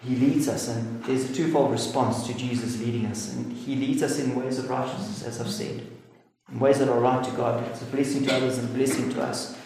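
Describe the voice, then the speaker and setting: Earnest preacher in an echoey hall. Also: male voice, medium pitch, darkish tone. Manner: earnest, emphatic, slows for stress. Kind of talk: sermon. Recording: echoey hall with faint noise.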